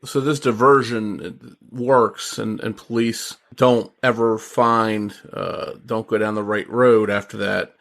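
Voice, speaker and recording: A man's voice: lowish voice, fairly even intonation, slow, vocal fry, hardly any pauses, fairly bright tone. A man hosting a podcast, summarizing the story before asking his guest a question. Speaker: podcast host. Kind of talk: interview questions.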